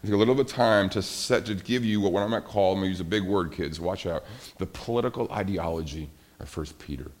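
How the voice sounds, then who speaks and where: Lively storytelling male pastor. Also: low-pitched, quick pace. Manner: animated storytelling, addresses kids directly. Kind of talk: sermon.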